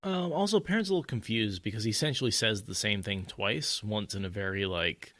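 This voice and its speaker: A man with a fairly low voice in casual podcast chat, animated and quick to mimic characters. The sound is dry and close. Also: dry recording. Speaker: podcast co-host. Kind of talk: casual book discussion.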